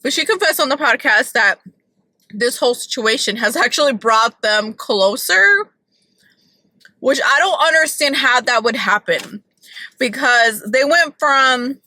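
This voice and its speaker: A woman's voice: a little high, bright, forceful tone, dry recording, rough recording. A woman vlogging from her car, chatting casually and opinionatedly about celebrity gossip with lots of "like".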